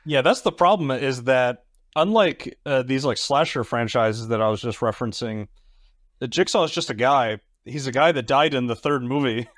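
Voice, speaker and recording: A man's voice: mid-range voice, moderate pace, a bit bright, no echo. Male podcast host, mid-range voice, thoughtful and analytical, dry mic. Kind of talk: casual chat.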